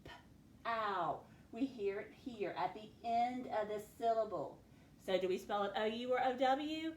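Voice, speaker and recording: A woman teacher leading a recorded phonics lesson, clearly sounding out words and letters for her students. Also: a little high, moderate pace, darkish tone, echoey room, a little hiss or hum. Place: classroom with a board.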